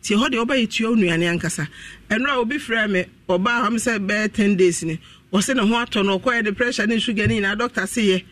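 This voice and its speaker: Fast-talking man, off-mic. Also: high-pitched, fairly bright tone. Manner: rapid, earnest explaining and advising. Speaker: health practitioner guest on radio. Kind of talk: radio health advice talk. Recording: voice distant from the microphone.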